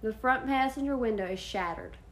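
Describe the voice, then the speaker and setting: Chatty woman with a cough. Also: fairly high pitch. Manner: chatty, quick to laugh. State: lingering cough. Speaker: podcast co-host. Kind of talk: casual chat.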